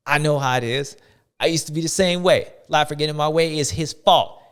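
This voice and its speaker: A man's voice: on the high side, moderate pace, smooth. A man hosting a show, giving playful, slangy, rambling sports commentary. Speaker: show host.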